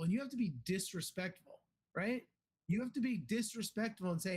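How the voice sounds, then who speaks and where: A man coaching poker in a blunt, profane, animated way. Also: high-pitched, normal speed, husky. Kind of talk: casual coaching talk.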